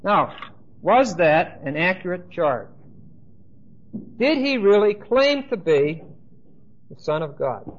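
A man's voice: high-pitched, big pitch swings, slow, pauses often, muffled recording. A man preaching a sermon with emphasis and dry humor, speaking straight to his listeners.

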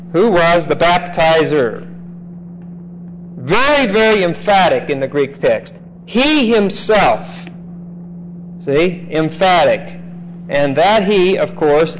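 A man teaching a classroom Bible lecture, slow and emphatic, often checking in with "okay?". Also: on the high side, slight background noise, rough recording.

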